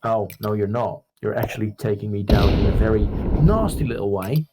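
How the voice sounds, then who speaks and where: A man's voice: fairly low pitch, brisk, very noisy. A British man playing a game with a friend, trading joking, matey banter. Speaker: guest player. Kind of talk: casual gameplay banter.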